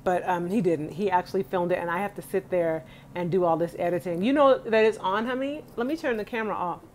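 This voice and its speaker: A woman's voice: fairly low pitch, fast talker, a little hiss or hum. A young adult woman from Brooklyn, chatting casually and animatedly with her live-stream viewers from her bed at home. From Brooklyn, New York, USA. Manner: chatty and animated, talks straight to viewers with Southern "y'all". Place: at home, indoors, on her bed on a rainy day.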